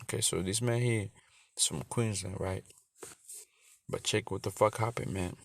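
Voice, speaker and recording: A man's voice: on the low side, fairly even intonation, normal speed, creaky, no echo. A man teaching casually, reading scripture and a news article aloud, stumbling and repeating words, with some swearing. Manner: stumbling, repetitive reading with profanity. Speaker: religious teacher. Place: in Australia.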